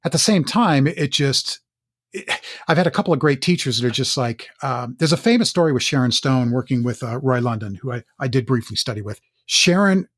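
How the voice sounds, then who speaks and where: A middle-aged man from Northern California, an actor, telling candid stories in a podcast interview in an earnest, halting way that often repeats words. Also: mid-range voice, lively intonation, no echo, clean studio sound. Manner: earnest, halting, with frequent word repeats and restarts.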